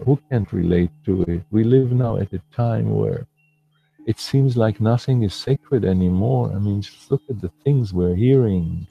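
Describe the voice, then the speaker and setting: A man talking as a meditation teacher in a slow, reflective livestream talk, pausing and restarting often. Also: fairly low pitch, gravelly, dark tone, slightly rough, muffled recording, faint music behind. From lives in New York City.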